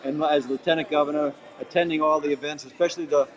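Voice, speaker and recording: A man with a Rhode Island accent, a politician answering earnestly with halting phrasing. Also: fairly high pitch, fairly even intonation, noisy background. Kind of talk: casual interview answer.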